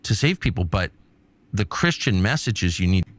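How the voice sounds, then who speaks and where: Male interviewer, probing and pointed, animated pitch. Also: moderate pace. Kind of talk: interview conversation.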